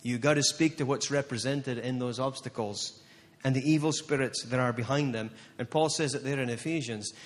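A man's voice: medium pitch, moderate pace, in a large hall. A male pastor preaching a sermon, impassioned and building to fired-up declarations with emphatic repeated phrases.

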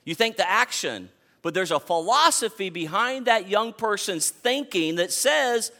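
A man in his fifties preaching a sermon as pastor, emphatic and animated, repeating words as he builds a point. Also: sits high, normal speed. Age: 50s.

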